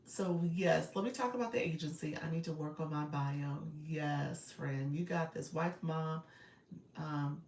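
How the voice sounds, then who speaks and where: Speaking a little slowly in a lowish, gravelly voice, a woman hosts and coaches on a live stream, reading comments and calling out viewers by name between easy fillers and frequent laughs. Her phone mic sits a bit away, giving roomy sound with a faint hiss, and her friendly talk leans on "friend" and "y'all."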